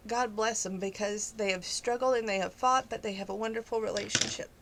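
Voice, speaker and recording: A woman's voice: mid-range voice, steady tone, a little fast, background noise. A woman vlogger in casual chat, retelling a favorite show in a rambling, eager way with many restarts.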